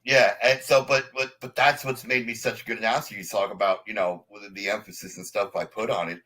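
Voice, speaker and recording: A man chatting as a podcast guest, telling lively stories and acting out other people in sudden high voices. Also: fairly quick, low-quality recording. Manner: animated storyteller, acts out quoted people in high voices. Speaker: podcast guest, wrestling announcer. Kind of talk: casual chat.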